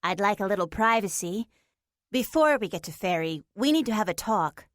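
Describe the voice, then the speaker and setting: A woman's voice: mid-range voice, lively intonation, moderate pace, dry recording, studio quality, lightly acted. A woman voicing a cheeky, blunt young female pixie in an audiobook, talking playfully and bluntly. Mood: matter-of-fact. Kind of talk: audiobook character voice.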